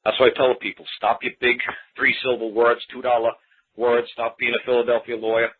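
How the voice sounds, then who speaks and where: A man's voice: medium pitch, little pitch movement, a little fast, breathy edge. A man giving a casual, folksy talk on common law. He repeats himself and acts out quoted exchanges. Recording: tinny phone-line audio.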